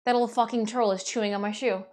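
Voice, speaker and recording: A woman from Michigan chatting casually on a live stream while she cooks, swearing freely and often dropping to a quiet mutter. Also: on the high side, steady tone, very fast. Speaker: livestreamer.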